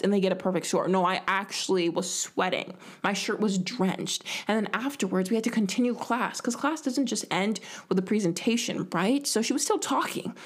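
A young woman talks into a home podcast mic, chatting alone through a rambling story about her day. She mocks herself as she goes and drops into a whisper to act out what others said. Her pitch sits right in the middle for a woman. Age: young adult. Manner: rambling, self-mocking, acts out quotes in whispers. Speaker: podcast host. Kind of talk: casual solo podcast storytelling.

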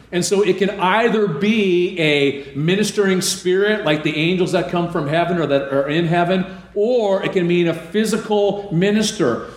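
Pastor guy preaching, keeps asking the crowd questions, kinda high voice, echoey church sound. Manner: asks the congregation questions and answers them. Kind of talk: sermon.

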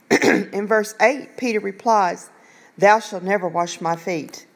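A woman's voice: medium pitch, slow pace, a little hiss or hum. Woman lay preacher, earnest, chatty devotional delivery, self-recorded. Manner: earnest, conversational, rambling with many asides. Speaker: online preacher. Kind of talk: informal Bible devotional.

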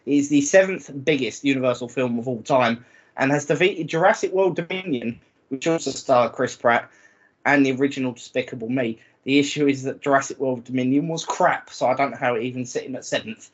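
A man co-hosting a gaming podcast, chatty and quick to reel off figures. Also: mid-range voice, slightly rough. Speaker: podcast co-host. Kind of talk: casual chat. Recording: dull lo-fi audio.

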